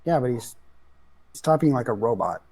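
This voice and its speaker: A man's voice: mid-range voice, expressive, normal speed, crowd noise. A middle-aged man co-hosting a casual livestream, laid-back and teasing. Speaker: co-host.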